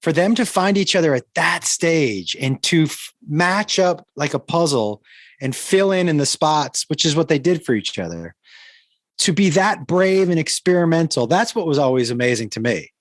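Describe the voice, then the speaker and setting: A man telling stories about an old comedian friend in an interview, animated and acting out the exchanges he recalls. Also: a little high, moderate pace, no echo. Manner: lively anecdote-teller, acts out dialogue. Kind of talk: anecdotal storytelling.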